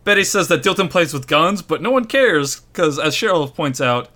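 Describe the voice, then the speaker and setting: A man casually recapping a TV episode as a podcast co-host, filling pauses with ums and uhs. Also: a little high, animated, sharp tone. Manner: reads plot summary with many ums and uhs.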